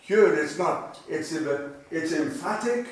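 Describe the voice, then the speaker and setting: A man's voice: a little high, lively intonation, unhurried. Man preaching in an echoey chapel. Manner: conversational, emphatic repetitions, asks rhetorical questions. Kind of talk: sermon. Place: cemetery chapel. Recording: echoey chapel, distant mic, faint noise.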